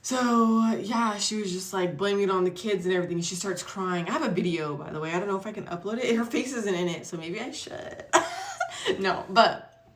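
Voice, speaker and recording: A young woman vlogger telling a story in a casual, animated way, acting out the quotes and swearing freely. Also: mid-range voice, brisk. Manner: chatty, animated retelling with acted quotes and swearing.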